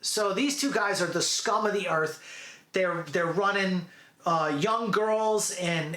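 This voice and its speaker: Chatty, bright-voiced man recapping a movie. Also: high-pitched, reverberant. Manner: animated storytelling, acts out quotes; chatty, says "dude" and "okay" a lot. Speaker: movie reviewer. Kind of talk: casual movie recap monologue.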